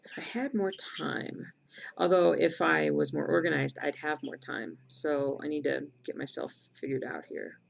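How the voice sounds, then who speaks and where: Middle-aged woman, streamer, heavy vocal fry, chatty and rambling, casual live-stream chat. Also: deep voice, steady tone, normal speed, slight background noise. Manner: chatty, rambling, answers viewer comments aloud. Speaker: cross-stitch streamer.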